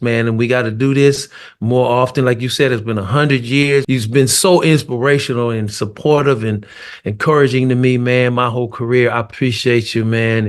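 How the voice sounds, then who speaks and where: A middle-aged man, a drummer guest, telling stories in a loose, animated way with laughs. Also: medium pitch. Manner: animated storyteller, laughs and acts out scenes. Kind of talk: casual storytelling chat.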